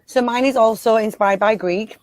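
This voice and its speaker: A woman on a comedy panel telling a playful, lively comic story over a video call. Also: on the high side, moderate pace, dry recording. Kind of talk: casual comedic chat.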